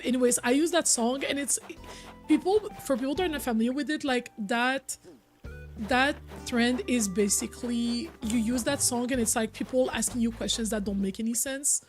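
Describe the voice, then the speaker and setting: Lady streaming, chatty, kinda high voice, soft music behind. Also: moderate pace. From Quebec, Canada. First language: French. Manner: chatty, answers viewers' chat as she talks. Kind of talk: casual live-stream chat. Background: soft background music.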